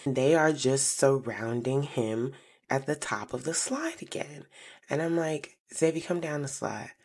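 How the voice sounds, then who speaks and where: A young woman, telling a personal story on her podcast in an animated way, slowing to hushed asides. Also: a bass voice, breathy edge. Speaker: podcast host.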